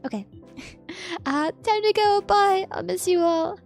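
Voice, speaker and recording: Tired giggly girl streamer chatting w her viewers, high voice, soft music in the back. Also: unhurried, vocal fry. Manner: giggly, reads out chat messages and answers them. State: sleepy. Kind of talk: casual chat with viewers.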